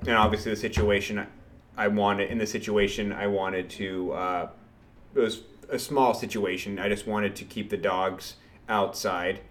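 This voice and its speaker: A man hosting a solo sales podcast, talking in an energetic, punchy way, repeating phrases and swearing casually. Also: lowish voice, measured pace.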